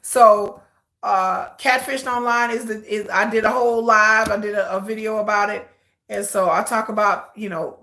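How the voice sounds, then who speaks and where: A woman hosting a live stream, chatting casually and gossipy, animated, often bursting into laughter and shrieks. She talks straight to her viewers, calling them "girl.". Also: mid-range voice. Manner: animated, laughing, shrieks and squeals names at the screen. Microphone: phone or camera on a tripod.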